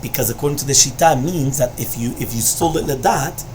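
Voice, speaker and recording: A man's voice: medium pitch, quick pace, a little mellow, slight background noise. A man teaching a Talmud lesson who explains each line and keeps checking with "right?" and "you understand?". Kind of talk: Talmud study lecture.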